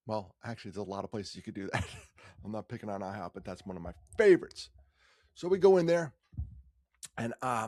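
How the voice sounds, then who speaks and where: Man, 50s, from New York, chatty storyteller, gravelly voice, dry close sound. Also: on the low side, no echo. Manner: chatty, joking asides, lively stress. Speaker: nonprofit founder telling a personal story. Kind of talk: casual personal storytelling.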